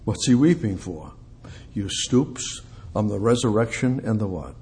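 A man preaching an expository sermon, reading scripture aloud, loud and emphatic at times, then dropping low and quiet. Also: animated, a little slow.

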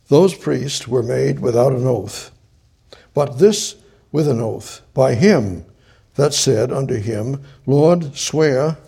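A man preaching a Bible study sermon, halting and restarting his phrases as he works through a passage. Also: mid-range voice, creaky, mellow, breathy edge.

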